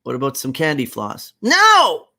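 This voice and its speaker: A man voicing an energetic four-year-old girl in a one-man reading of a play. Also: on the high side, takes it slowly, voice pushed up, exaggerated voice. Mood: sulky.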